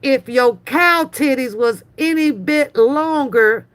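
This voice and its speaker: Woman, livestream host, mocking reaction commentary, taunting, profane slang, slow-paced, somewhat high voice. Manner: taunting, laughs often, drawn-out teasing repeats; profane, slangy street talk.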